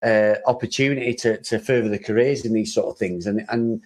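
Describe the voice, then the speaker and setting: A man's voice: lowish voice, fairly even intonation, fairly quick. Chatty man laughing through a review. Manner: chatty, laughs often, many restarts. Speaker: podcast co-host. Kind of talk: casual chat.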